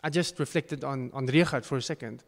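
A man's voice: medium pitch, fairly quick. A man preaching a sermon as a pastor, earnest, with emphatic bursts. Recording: long hall reverb.

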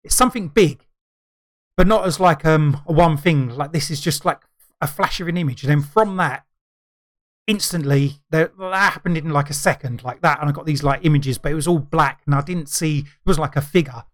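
A middle-aged man co-hosting a podcast in casual chat. His voice sits a little high, and he rambles with many fillers and restarts. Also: a little fast. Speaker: podcast co-host.

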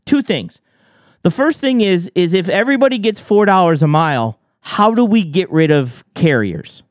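High-pitched argumentative man, dry sound. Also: animated, normal speed, dry recording. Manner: argumentative, rhetorical questions. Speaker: trucking commentator. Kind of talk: reaction commentary.

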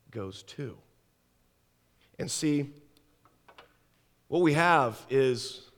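A man's voice: mid-range voice, a bit bright, long reverb tail. A man preaching a sermon, telling stories animatedly with frequent stammered restarts. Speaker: pastor.

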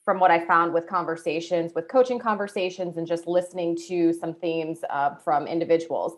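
A woman hosting an interview who asks measured questions and affirms her guest. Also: fairly low pitch. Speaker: podcast host and coach.

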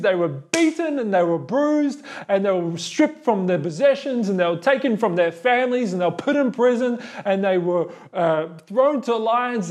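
A man's voice: high voice, darkish tone. A man preaching a sermon as pastor, earnest and building to fervent, emphatic lists.

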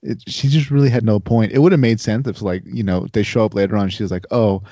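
Male co-host, warm, relaxed and hesitant; dry, lo-fi sound. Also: lowish voice, brisk, no room sound. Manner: relaxed, hesitant, many fillers. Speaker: podcast co-host. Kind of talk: casual chat. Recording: dry, dull lo-fi audio.

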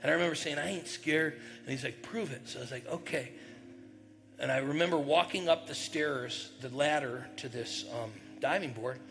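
A middle-aged pastor from northern New York preaches conversationally, recounting a personal story and performing its characters' voices, breaking out loudly at times. His pitch is fairly high with some vocal fry, and he speaks at an ordinary speed.

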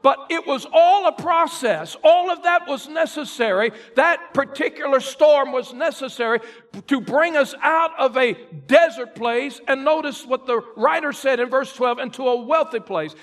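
A man pastor preaching a sermon, reading scripture slowly and building to loud emphatic peaks. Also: very high-pitched. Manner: voices a questioning listener in first person.

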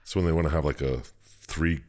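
A man co-hosting a podcast who chats casually and throws in sarcastic, deadpan quips. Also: a bass voice, a little fast. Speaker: podcast co-host. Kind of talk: casual chat.

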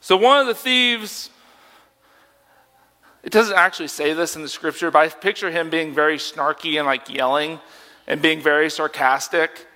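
A man's voice: fairly high pitch, normal speed, bright, forceful tone, big-room sound. A young man preaching a sermon as a youth pastor, conversational and emphatic, asking rhetorical questions.

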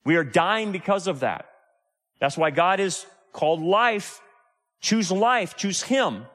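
A male pastor delivers an emphatic sermon, his pitch rising and falling in lively swings. He keeps pressing the listeners with tag questions, and his voice rings with a long reverb from a large hall. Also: slow pace.

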